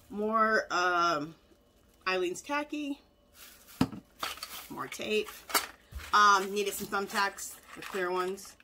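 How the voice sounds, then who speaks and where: A woman's voice: mid-range voice, background noise. A woman hosting a casual haul video at home, chatty and enthusiastic, gushing over cute craft finds.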